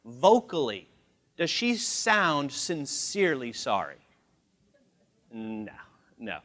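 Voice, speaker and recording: A man in his forties leads a live communication training seminar in a large training room, animatedly acting out quoted voices as he talks. His voice is mid-range and he takes his time.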